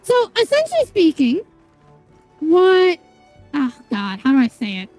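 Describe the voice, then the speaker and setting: A woman's voice: sits high, wildly swooping pitch, a little slow, a little mellow, dry recording, soft background music, rough recording. A young woman streaming a game, chatting casually with viewers in a rambling, sweary way full of fillers. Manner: rambling, swears a lot, many fillers and restarts, chats to viewers. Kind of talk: casual live-stream chat while gaming.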